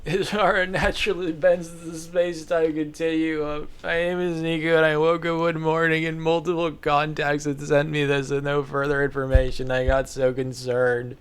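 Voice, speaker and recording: A vlogger reacting to memes in casual commentary, tired and talking with low-energy, flat mumbling delivery. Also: moderate pace, hardly any pauses, clear, resonant tone.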